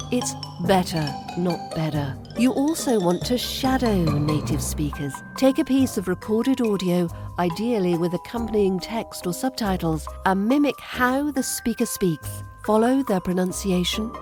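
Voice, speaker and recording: A woman's voice: mid-range voice, expressive, normal speed, music in the background. A woman with a British RP accent giving a scripted, upbeat accent lesson for a podcast. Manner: upbeat, playful teaching tone.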